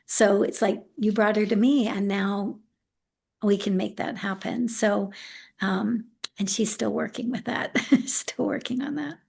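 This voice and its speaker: A middle-aged woman being interviewed, telling a story in a relaxed, animated way, acting out what people said and laughing often. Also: mid-range voice, measured pace, creaky, breathy edge. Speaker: autism integration specialist, interview guest.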